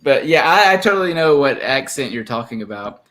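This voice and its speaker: A man with a Southern US accent talks casually on a livestream, his voice bright and forceful. He laughs often and pokes fun at himself. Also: mid-range voice, lively intonation, brisk. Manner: laughs often, self-deprecating. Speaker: streamer and guest. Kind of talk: casual chat.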